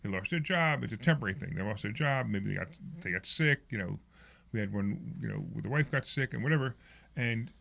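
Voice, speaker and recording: A middle-aged man hosts a casual radio talk show, leaning hard on his points and circling back to them. His delivery comes quick, in bursts. There is a gravelly rasp at the bottom of his voice. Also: lowish voice, expressive, a bit bright. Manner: emphatic, repeats himself, talks in quick bursts.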